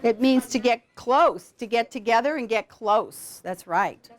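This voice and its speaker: Animated woman teaching a class. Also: fairly high pitch, a little slow. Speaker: literacy program founder teaching students. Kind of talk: classroom instruction with a read-aloud.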